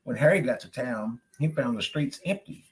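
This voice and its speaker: A man's voice: medium pitch, expressive, normal speed, low-quality recording. A man reading a children's story aloud in a casual, chatty way, breaking off to talk to people nearby. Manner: chatty, digresses to talk to others.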